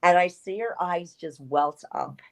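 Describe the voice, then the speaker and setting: A woman, a former pro wrestler, telling candid stories in an interview, animated and blunt, with salty language. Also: fairly low pitch, measured pace.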